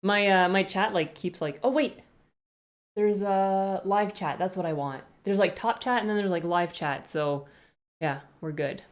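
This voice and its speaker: A woman's voice: mid-range voice, a little slow. A woman streamer chatting casually on a live stream, greeting viewers one by one with rambling asides.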